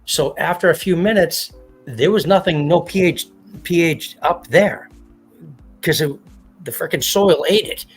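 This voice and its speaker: A man's voice: on the high side, expressive, a little slow, breathy edge, faint music behind. Rambling, swearing man hosting a livestream. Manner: rambling, swears freely, acts out quotes. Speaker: livestream host. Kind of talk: casual chat.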